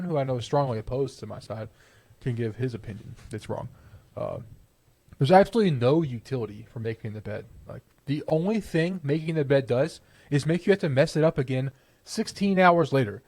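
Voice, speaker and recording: A man's voice: medium pitch, expressive, a little fast, darkish tone, dry recording. A young man co-hosting a podcast, chatting casually and arguing his opinions with playful confidence. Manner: opinionated, playful, trails off in restarts. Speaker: podcast co-host. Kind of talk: casual chat.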